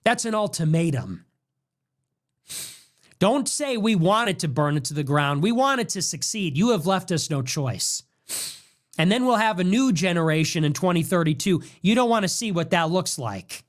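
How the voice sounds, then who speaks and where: A man's voice: high voice, expressive, moderate pace. A young man hosting a podcast, delivering a combative political monologue and repeating his ultimatums in a mocking tone. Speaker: podcast host.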